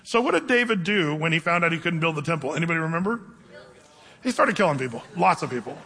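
A man preaching a conversational sermon, teaching the Bible to his congregation and slowing down to read scripture aloud. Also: on the high side, animated, sharp tone. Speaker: pastor. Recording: reverberant hall.

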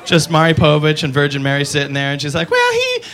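A man's voice: on the high side, level tone, fast talker, fairly bright tone. A man doing stand-up comedy, rambling animatedly and laughing at his own jokes.

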